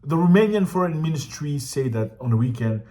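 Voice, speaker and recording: A man's voice: fairly high pitch, expressive, fairly quick, warm tone. A man with a Congolese accent hosting a commentary show, talking in a passionate, rhetorical way and repeating his questions. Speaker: commentary channel host. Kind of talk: casual opinion commentary.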